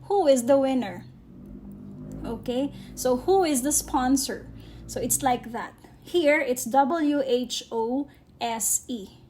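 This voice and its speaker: A woman with a Filipino accent teaching an English grammar lesson, speaking slowly and deliberately and checking in with listeners often. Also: high voice, dark tone, slight background noise. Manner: slow and deliberate, often checks in with "okay?" and addresses "guys".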